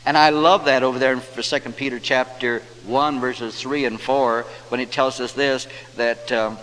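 A man's voice: mid-range voice, a bit bright. Preaching man in a reverberant hall. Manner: preaching with scripture quotes, slowing for emphasis. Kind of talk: sermon. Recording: reverberant hall, faint hum.

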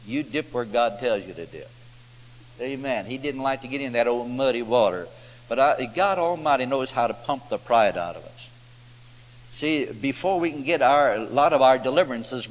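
A man's voice: medium pitch, lively intonation, normal speed. A man preaching a folksy sermon, telling a Bible story and putting on the voices of its characters in a drawling, homespun way. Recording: hall reverb with faint hum.

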